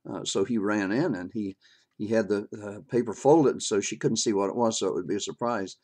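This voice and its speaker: Halting, folksy older man with a low voice. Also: darkish tone. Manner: halting and folksy, many fillers and restarts, chuckles. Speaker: vlogger sharing his opinion. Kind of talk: unscripted opinion monologue.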